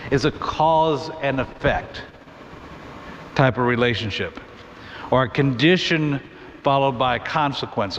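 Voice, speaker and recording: A man leads a Bible class at church, explaining at an easy conversational pace with restarts and asides. The recording is muffled, with a long reverb and a faint hiss behind him. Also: medium pitch. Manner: conversational, thinks aloud with restarts and quick asides.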